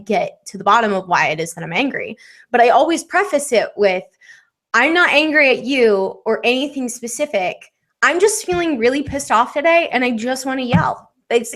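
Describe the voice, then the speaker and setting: A woman's voice: a little high, a bit bright. A woman co-hosting a podcast in casual chat, speaking candidly and rambling with frequent ums. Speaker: podcast co-host.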